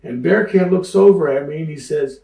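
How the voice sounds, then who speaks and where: Animated storytelling man in a roomy space. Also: on the high side, normal speed, vocal fry. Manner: animated storyteller who acts out quoted voices; laughs through his stories. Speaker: interview guest, wrestling veteran. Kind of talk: storytelling shoot interview. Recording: roomy sound, mic at a distance.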